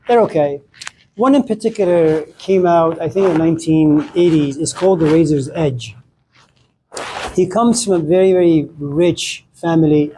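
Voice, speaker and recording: Man lecturing a class, mellow tone, somewhat high voice, faint background noise, frequent check-ins. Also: poor audio. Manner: conversational, frequent "okay?" check-ins, acted quotes.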